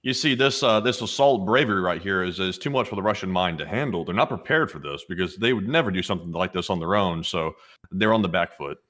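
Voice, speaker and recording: Low voiced dude riffing on war clips, talks fast, cracks jokes. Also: male voice, animated, a bit bright. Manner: quick wisecracks, reacts to footage. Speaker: co-host. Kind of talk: casual war footage commentary.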